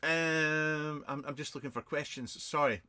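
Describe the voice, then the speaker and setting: A British man past fifty chats loosely into a webcam during a live stream. He rambles and stops himself a lot, mixing dry sarcasm with quick apologies. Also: fairly high pitch, steady tone, sharp tone. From Britain. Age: over 50. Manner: rambling, self-mocking and sarcastic, many fillers. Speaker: vape reviewer and channel host. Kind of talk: casual live-stream chat answering viewer questions. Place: home shed.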